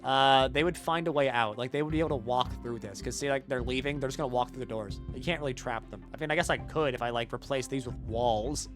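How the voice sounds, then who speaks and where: A man's voice: medium pitch, quick pace, few pauses, over music. A man streaming a colony game live, chatting casually with his viewers, answering their questions and swearing freely. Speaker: gaming streamer.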